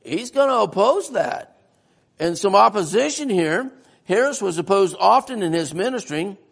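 A man's voice: high voice, expressive, normal speed, vocal fry, slightly rough. A man preaching a sermon-style history lesson in a church, folksy and often asking the congregation questions.

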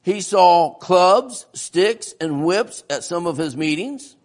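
A man's voice: high voice, expressive, slow pace. A man preaching a sermon-style history lesson in a church, folksy and often asking the congregation questions.

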